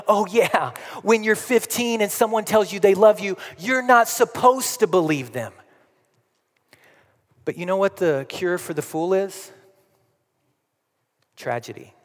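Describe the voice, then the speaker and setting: A male pastor preaching a dramatic sermon, moving from forceful declarations to hushed, slow, emphatic repetitions. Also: high-pitched. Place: church sanctuary. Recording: long reverb of a church hall.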